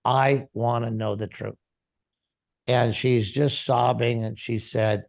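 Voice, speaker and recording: A man's voice: medium pitch, fairly even intonation, slow, long pauses, darkish tone. A man, a pastor, telling a personal story in an interview and acting out the dialogue vividly.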